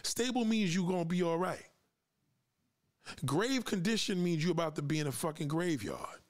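A man's voice: a little high, expressive, normal speed. A man hosting a live podcast, lecturing his listeners in a confrontational, profane rant and daring them to push back. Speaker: podcast host.

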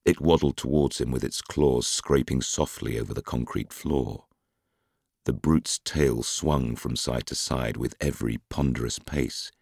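A man narrating a thriller audiobook in a measured, dramatic way. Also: rumbling low, vocal fry, no room sound, clean studio sound. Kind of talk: scripted narration.

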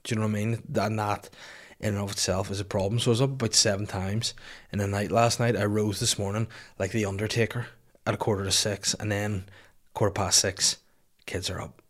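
A man's voice: lowish voice, little pitch movement, a little fast. A tired man in his thirties hosting a solo podcast, talking in a profane, rambling comic way into a podcast mic. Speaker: podcast host. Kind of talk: casual solo podcast rant. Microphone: podcast microphone.

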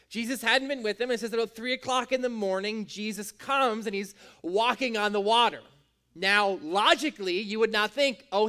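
A young man preaching a sermon to a room, in a conversational way, acting out quotes with sudden jumps in his voice. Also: sharp tone. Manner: conversational, acts out quotes with big pitch jumps. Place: in a room with an audience.

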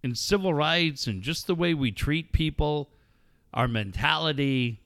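Lively profane man hosting a talk show. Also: on the high side, unhurried, no echo. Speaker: host. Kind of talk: casual radio chat.

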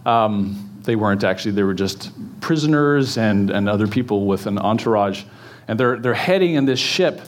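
A man preaching a casual sermon, chatty and joking with the congregation, with many fillers and restarts. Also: medium pitch. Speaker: pastor. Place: church in front of a congregation.

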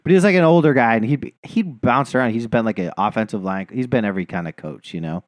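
A man's voice: medium pitch, quick pace, no room sound. A man co-hosting a podcast, telling a long, rambling story in casual chat, swearing and laughing often. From New Jersey. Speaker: podcast co-host.

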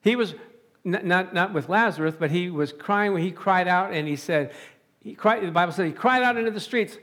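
Male preacher with a high voice, lively delivery, frequent laughs and calls of "amen?". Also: brisk. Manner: animated, chuckling, calling out "amen?" to the congregation. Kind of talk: sermon.

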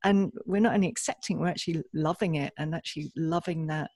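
Woman co-host, earnest reflective chat, gravelly tone, dry close sound. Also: low voice, quick pace, a little mellow, no echo. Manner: earnest, reflective, frequent restarts. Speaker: podcast co-host. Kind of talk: casual conversational chat.

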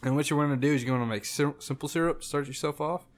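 A man co-hosting a podcast, explaining things in a relaxed, rambling way during casual chat. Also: fairly high pitch, fast talker. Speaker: podcast co-host.

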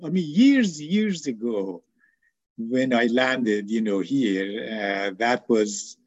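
An older psychiatrist, not a native English speaker, speaks slowly and haltingly over a video call, restarting his sentences often. His voice is husky and the sound is close and dry. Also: medium pitch, lively intonation, no room sound, highs cut off. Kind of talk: casual group video chat.

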